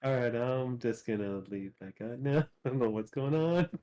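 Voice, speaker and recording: A man's voice: medium pitch, normal speed, mellow, a little hiss or hum. A man in a casual voice chat who jokes around and laughs often.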